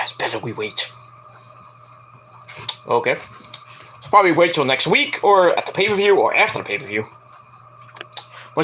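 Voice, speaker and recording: A young man casually reviewing a wrestling show, rambling and swearing, acting out quotes in high voices. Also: sharp tone. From Antiguan and Jamaican family. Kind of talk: casual solo review chat.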